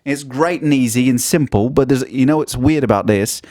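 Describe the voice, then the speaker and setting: A man's voice: medium pitch, moderate pace, dark tone, no room sound, studio quality. A young man hosting a solo podcast, rambling and swearing constantly, mocking himself as he jumps between topics. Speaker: podcast host.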